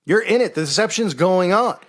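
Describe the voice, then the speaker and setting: A man's voice: high-pitched, lively intonation, fairly quick. A man hosting a casual monologue show, talking in a sarcastic, mocking way. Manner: sarcastic, mocking impressions of others. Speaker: host.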